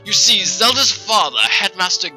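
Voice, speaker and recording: A man's voice: sits high, big pitch swings, normal speed, pushed and bright, faint music behind, pitched above the performer's own voice, full character voice. A man reading a polite, fretting student.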